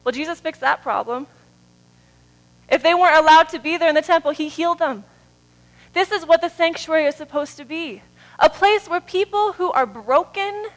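A woman preaching a sermon in a church, moving between soft, drawn-out phrases and loud, rising calls. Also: sits high, rough recording.

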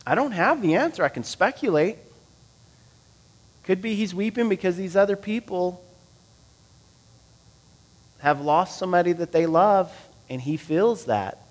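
A man preaching a sermon, reading scripture aloud and explaining it in a conversational way, asking his listeners questions and swinging between loud and quiet. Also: sits high, lively intonation, unhurried, pauses often. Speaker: pastor.

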